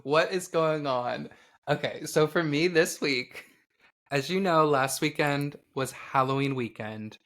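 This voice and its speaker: A man co-hosting a podcast in casual chat, campy and giggly and quick to joke. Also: on the high side, a bit bright. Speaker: podcast co-host.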